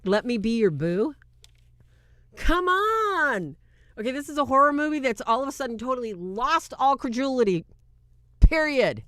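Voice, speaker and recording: A woman hosting a casual movie review, talking in an animated, incredulous way and often breaking into laughter. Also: on the high side, dry recording, studio quality. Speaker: video host.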